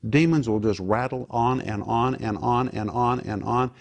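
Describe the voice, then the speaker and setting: A male preacher delivers a sermon in a lively, emphatic style, firing rhetorical questions at the congregation and answering them himself. His voice sits at a middle pitch, rising sharply for emphasis and dropping low for weight. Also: normal speed, vocal fry.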